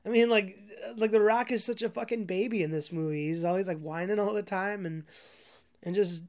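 A woman's voice: mid-range voice, brisk, a little mellow. A woman ranting casually about a movie, rambling with constant "like" fillers, profanity and frequent laughs.

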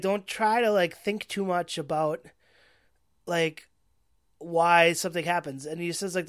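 Young woman, casual movie recap: rambling, sweary, laughing a lot. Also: fairly low pitch. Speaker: movie reviewer.

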